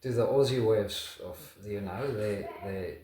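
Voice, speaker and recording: A man from South Africa hosting a casual interview, asking halting, hesitant questions. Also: lowish voice, warm tone, echoey room. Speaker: host.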